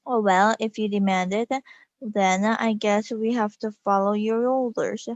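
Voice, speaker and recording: Storybook: woman playing a mock-polite, sarcastic cop, slow pace, dull sound. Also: medium pitch, fairly even intonation, dry recording, natural voice. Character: sarcastic male policeman.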